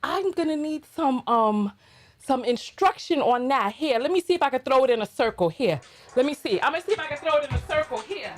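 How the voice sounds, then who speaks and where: A woman's voice: high-pitched, animated, a little fast, soft background music. A woman hosting a casual livestream, exuberant and playful, chatting to her viewers while out of breath. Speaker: livestream host.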